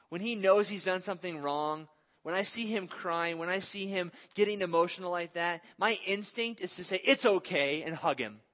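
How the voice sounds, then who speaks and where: Bright-voiced earnest male preacher. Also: on the high side. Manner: earnest, conversational preaching with family anecdotes. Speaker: pastor. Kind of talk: sermon.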